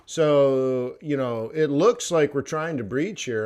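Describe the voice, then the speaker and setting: A man's voice: mid-range voice, takes it slowly, a little mellow, clear, resonant tone. A man hosting a trading livestream in casual chat, rambling between topics, laughing often and acting out quoted voices. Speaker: forex trading livestream host.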